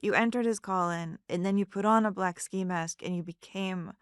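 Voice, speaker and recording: A woman's voice: medium pitch, fairly even intonation, moderate pace, clean tone, dry recording, studio quality. A woman hosting a podcast, asking a guest conversational questions. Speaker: podcast host. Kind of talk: interview questions.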